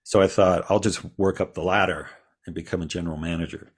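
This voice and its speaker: A man's voice: sits low, fairly even intonation, fast, husky. A man guest on a podcast, telling his own story in a rambling, casual way with frequent restarts and small laughs.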